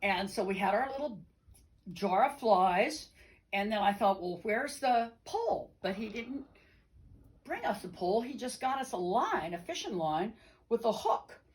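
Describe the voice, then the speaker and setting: A middle-aged woman telling a personal story to an audience in an animated, playful way, talking to them directly. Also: medium pitch, a little slow, poor audio. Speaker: storyteller and singer. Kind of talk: told personal story with sing-along.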